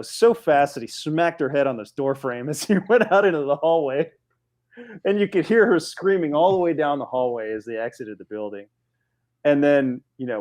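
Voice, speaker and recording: A man in his forties, a podcast guest telling a story in a casual, animated way with frequent restarts. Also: mid-range voice. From United States.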